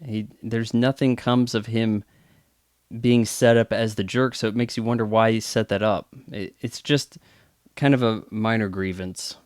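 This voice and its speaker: A man's voice: on the low side, fairly even intonation, measured pace, a little mellow, dry recording, studio quality. A man giving casual movie commentary with chatty, wry asides. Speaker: film commentator.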